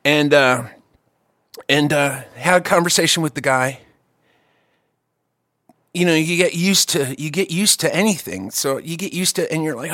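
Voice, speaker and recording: A man telling a long story in casual chat, profane and animated, with quick asides and restarts. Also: a little high, no room sound, clean studio sound.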